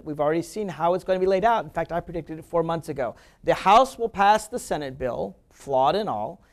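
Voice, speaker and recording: A man's voice: a little high, a little mellow. A man hosting a political talk radio show, delivering an emphatic, argumentative monologue that mocks his opponents.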